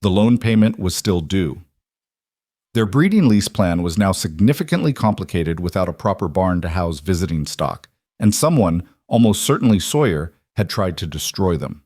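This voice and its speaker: Male narrator, low and dry, calm scripted storytelling. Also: dry recording.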